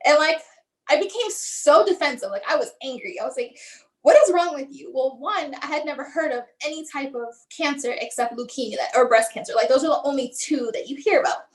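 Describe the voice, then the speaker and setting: High-voiced woman telling a personal story. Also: animated, a little fast, low-quality recording. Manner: acts out remembered dialogue, frequent "like" and "um". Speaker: guest, mother telling her son's story. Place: lives in the Tampa area.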